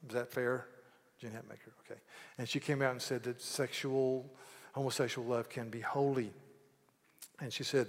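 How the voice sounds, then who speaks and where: A man preaching a sermon, earnest, with loud, emphatic passages when he reads quotes aloud. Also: medium pitch, steady tone, normal speed, big-room sound. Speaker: pastor.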